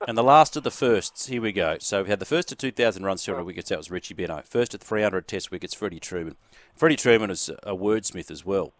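A man's voice: deep voice, fast talker, no echo. A man with an Australian accent hosting a sports radio quiz and chatting easily with callers in a jovial way. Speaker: radio host.

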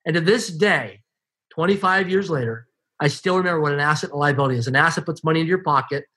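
A man speaking as an interview guest, telling stories about his life in an animated, emphatic way. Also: fairly high pitch, fast talker. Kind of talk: casual storytelling.

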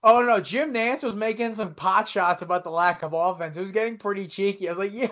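A man co-hosting a podcast in casual chat, jokey and animated when telling a story. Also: high-pitched, a little fast, few pauses. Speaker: podcast co-host. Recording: dull lo-fi podcast audio.

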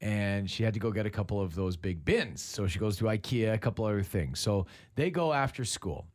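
A man's voice: fairly low pitch, brisk. A man in his thirties telling a casual story on a talk show, acting out the lines of his child and himself. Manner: animated, acts out his child's and his own lines in quotes. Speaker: radio show co-host.

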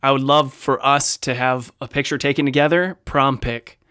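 A man co-hosting a casual podcast chat, playful and jokey with animated asides. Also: medium pitch, moderate pace, clear, resonant tone, no echo, clean studio sound. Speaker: podcast co-host.

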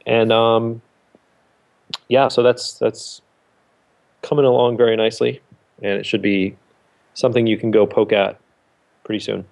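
A man's voice: on the low side, flat delivery, unhurried, vocal fry, long pauses, darkish tone. Hesitant man in casual podcast chat. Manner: hesitant, many fillers and restarts. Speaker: podcast panelist.

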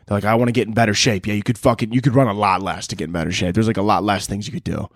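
A man's voice: lowish voice, racing, no echo, clean studio sound. A young man hosting a podcast, ranting casually and sarcastically with lots of swearing. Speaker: podcast host. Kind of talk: casual solo rant.

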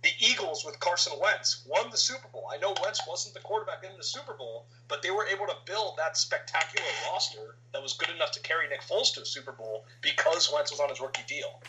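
Bright, argumentative sports podcast host. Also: male voice, on the high side, animated, poor audio. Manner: argumentative, fast-talking, pushes back. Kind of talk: casual sports debate.

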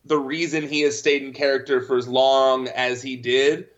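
A man's voice: medium pitch, level tone, moderate pace. Enthusiastic man on a dull-sounding line. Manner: enthusiastic, many fillers. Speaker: podcast guest. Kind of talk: casual podcast chat.

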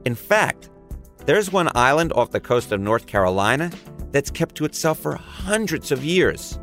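A man's voice: a little high, big pitch swings, normal speed, a bit bright, faint music behind. A young man with a New York accent, hosting a podcast with playful, jokey narration. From New York area. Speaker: podcast host. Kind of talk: scripted podcast narration and chat.

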